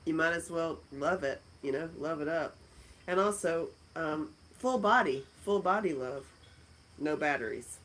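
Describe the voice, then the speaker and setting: A woman's voice: low-pitched, measured pace, a bit bright, rough recording. A middle-aged woman hosting a casual live stream, chatting and laughing as she answers viewer comments from a friend's house. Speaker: livestream host.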